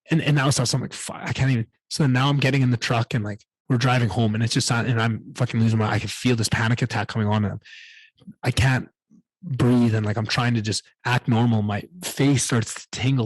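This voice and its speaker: A man's voice: mid-range voice, husky, dry recording. A man hosting a solo podcast, telling a candid personal story in a rambling way and swearing often. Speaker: podcast host.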